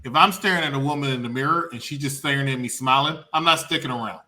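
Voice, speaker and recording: A man co-hosting a casual movie review podcast. He talks in an animated way, laughs often and swears freely. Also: mid-range voice, quick pace. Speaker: podcast co-host.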